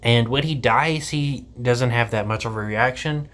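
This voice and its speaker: A man talks through a film review in a loose, unscripted way. He rambles, stops for filler sounds, and swears casually as he goes. His voice sits at an ordinary middle pitch for a man. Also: a little slow, fairly bright tone. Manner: rambling, offhand, swears casually, many ums. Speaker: movie reviewer.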